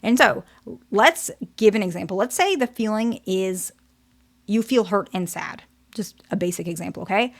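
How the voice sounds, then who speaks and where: A woman's voice: medium pitch, normal speed. A woman therapist giving a casual, direct teaching talk, often checking in with "okay?".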